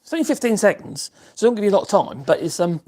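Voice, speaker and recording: A man's voice: high voice, big pitch swings, racing, a little mellow. A man chatting casually while he works in his home workshop, rambling and exclaiming as he goes. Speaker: woodworking live streamer. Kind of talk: casual live-stream chat while working. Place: home workshop, a bit echoey. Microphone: external mic.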